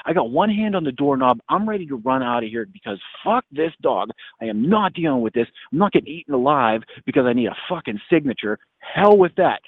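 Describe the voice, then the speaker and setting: A man casually telling a long, profane story with animated laughter, as a podcast host. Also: mid-range voice, no room sound. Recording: tinny phone-like sound, dry.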